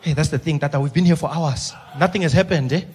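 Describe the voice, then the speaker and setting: A fretful young ambulance man pleads in a high, anxious voice with a South African accent, as a man acts him out. His words come out worried and insistent. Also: fast talker, a little mellow, husky. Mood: pleading. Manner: pleading, anxious, rising pitch.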